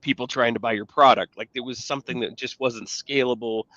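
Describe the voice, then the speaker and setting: A man's voice: mid-range voice, steady tone, a little fast, sharp tone, no echo, dull audio. A middle-aged man co-hosting a podcast, joking and rambling with plenty of fillers and restarts. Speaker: podcast co-host. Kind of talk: casual podcast conversation.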